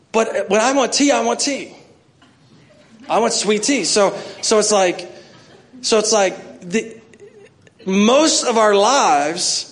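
Man, middle-aged pastor, high voice, humorous storytelling sermon. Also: fairly bright tone. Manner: storytelling with self-mocking humor and acted-out asides.

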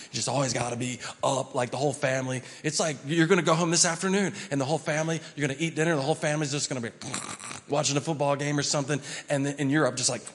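A man pastor giving a conversational sermon, telling the story vividly and asking the congregation questions. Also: medium pitch. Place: church sanctuary. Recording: reverberant church hall.

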